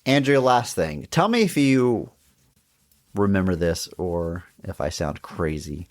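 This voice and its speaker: A man's voice: low-pitched, big pitch swings, a little slow. A man in his thirties co-hosting a podcast, playfully telling an anecdote in casual chat. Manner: playful, echoes names for laughs, tells anecdotes. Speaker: podcast co-host.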